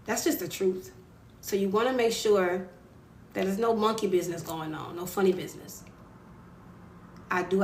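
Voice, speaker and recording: On a casual live stream, a woman author chats encouragingly with viewers and greets them by name. Her voice is medium-pitched and a bit bright. She is recorded on a phone in an echoey room with faint ambience and a little hiss or hum.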